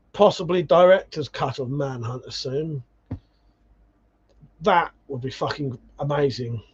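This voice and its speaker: A man's voice: fairly high pitch, warm tone, husky, highs cut off. A man hosting a livestream, chatting casually and reading out viewer comments, swearing freely and calling people mate. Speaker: livestream host.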